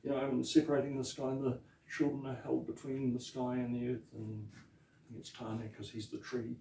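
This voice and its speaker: A man, a pastor teaching te reo Māori in a chatty lesson, with laughing asides and slow repeated words to drill pronunciation. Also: medium pitch, level tone, vocal fry, dark tone, recorded from a distance, a little hiss or hum. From New Zealand. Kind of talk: informal language lesson. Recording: echoey room, voice off mic.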